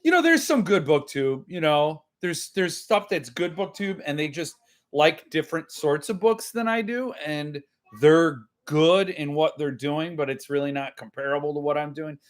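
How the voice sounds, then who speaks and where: A man's voice: fairly high pitch, expressive, moderate pace. A man hosting a casual live-stream chat with viewers, rambling and self-mocking, laughing often. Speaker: host.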